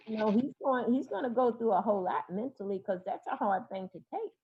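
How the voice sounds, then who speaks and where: Halting woman therapist, dull lo-fi sound. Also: on the high side, animated, a little hiss or hum. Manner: hesitant, many fillers and restarts. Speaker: therapist guest. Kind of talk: interview talk.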